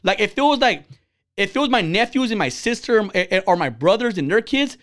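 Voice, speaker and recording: A man hosts a casual podcast, his voice sitting a little high for a man. He talks bluntly and swears often, getting heated and animated as he tells his stories. The sound is close and dry, with no room echo. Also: brisk. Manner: profane, blunt storytelling. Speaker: podcast host. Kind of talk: casual chat.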